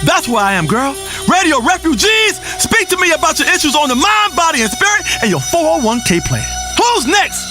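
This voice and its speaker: An actor playing a flamboyant, erratic radio health guru who rants theatrically, swinging from crooning to shouting. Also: male voice, very high-pitched, very animated, brisk, hardly any pauses, music in the background. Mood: manic. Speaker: radio talk show host. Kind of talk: comedic radio show acting.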